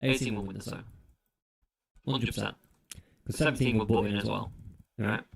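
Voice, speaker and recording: A man with a low, gravelly voice walks through game strategy with sure, explanatory confidence. He sounds like a content creator breaking down a map. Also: fairly even intonation, normal speed.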